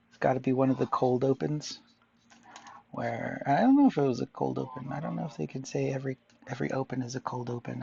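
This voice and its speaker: Gravelly man musing while he draws. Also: mid-range voice, mellow, dull audio. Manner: rambling, musing, often talks to himself. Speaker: artist vlogger. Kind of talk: casual drawing chat.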